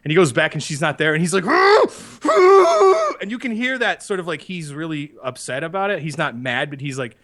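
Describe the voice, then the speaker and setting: A man co-hosting a podcast in casual chat, animated and profane, who acts out movie lines with sudden loud yelps. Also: a little high, fast talker, hardly any pauses. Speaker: podcast co-host.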